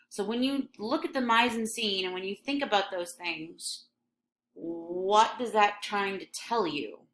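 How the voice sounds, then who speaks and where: A woman teaching English in a recorded class lecture. Her voice is bright and clear. She keeps it conversational and checks in with her listeners now and then. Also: mid-range voice, a little hiss or hum. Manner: conversational, checks in with "okay?" and fillers. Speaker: high school English teacher.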